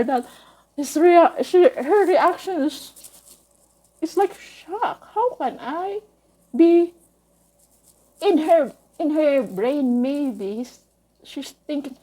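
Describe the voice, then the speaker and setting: A woman telling a painful personal story in halting, emotional bursts, with frequent restarts. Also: high-pitched, animated, mellow, poor audio. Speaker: vlogger.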